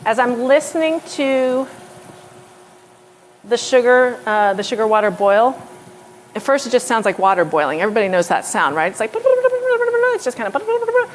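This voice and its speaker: A woman's voice: mid-range voice, normal speed, long pauses, a little hiss or hum. A woman giving a live cooking demonstration as a lecturer in a hall, explaining each step in a chatty way with fillers. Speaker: pastry chef lecturer.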